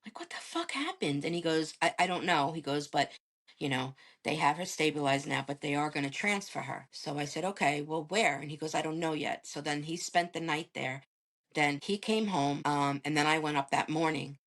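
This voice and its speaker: A woman's voice: deep voice, moderate pace. A woman, a podcast guest, casually telling a family story and acting out the dialogue as she goes. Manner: animated retelling that acts out quoted dialogue. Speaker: podcast guest, caregiver sister.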